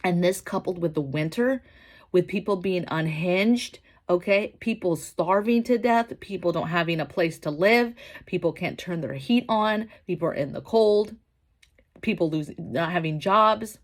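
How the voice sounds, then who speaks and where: A woman's voice: on the low side, moderate pace. A woman vlogging about home preparedness, talking casually and emphatically, often tagging her points with "right?". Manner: emphatic, keeps asking "right?". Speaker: prepping vlogger. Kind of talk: casual opinion vlog.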